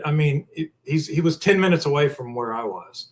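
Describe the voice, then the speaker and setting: A man co-hosting a podcast in casual chat, easygoing and halting, with restarts as he tells stories. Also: mid-range voice. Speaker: podcast co-host.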